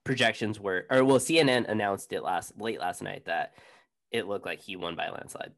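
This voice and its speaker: A man's voice: lowish voice, brisk, fairly bright tone. A laid-back young man co-hosting a casual chat, often saying "dude". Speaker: podcast co-host.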